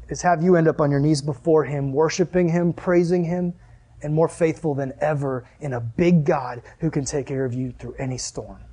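Youth pastor, male, slightly high voice, chatty and emphatic sermon delivery with light jokes. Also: warm tone, breathy edge. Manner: conversational, joking asides, emphatic. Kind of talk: casual sermon.

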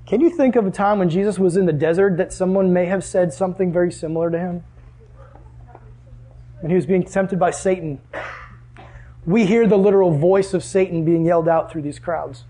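High-voiced man teaching a Bible class. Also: fast. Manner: animated, asks the class questions. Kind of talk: Bible lesson to a group.

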